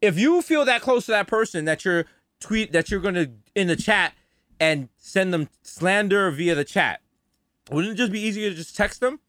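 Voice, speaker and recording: A man's voice: sits high, expressive, normal speed, fairly bright tone, dry recording, studio quality. A man in casual comedic banter on a video call, joking and repeating words for emphasis.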